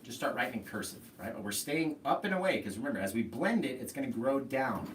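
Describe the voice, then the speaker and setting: A man of middle pitch talks through a live painting lesson, relaxed and chatty as he explains each brushstroke. His voice sits back from the microphone in a roomy space that adds a light echo. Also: fast, a little hiss or hum. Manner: chatty, easygoing, explains steps as he works. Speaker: painting instructor and show host. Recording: roomy sound from a distance.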